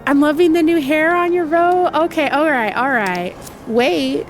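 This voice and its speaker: A young adult woman streaming a game in casual chat, chatty and excitable, often gasping. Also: high-pitched, unhurried, soft background music.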